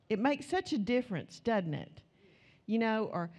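A woman's voice: medium pitch, lively intonation, normal speed, a little mellow. Middle-aged woman preacher, an earnest storyteller who voices each side of a conversation. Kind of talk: sermon.

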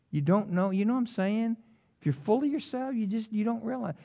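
Animated preacher with a high, lively voice. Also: male voice, dull audio. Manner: animated preaching with sudden loud peaks and quiet asides; humorous, teasing the congregation. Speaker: pastor. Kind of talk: sermon.

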